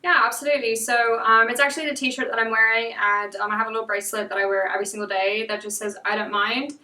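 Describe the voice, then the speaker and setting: A woman's voice: a little high, steady tone, quick pace, bright, forceful tone, far from the mic. A young woman from the United States, a podcast guest telling a story in casual chat, full of "like" fillers. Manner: chatty, lots of "like" fillers. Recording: echoey room, off mic.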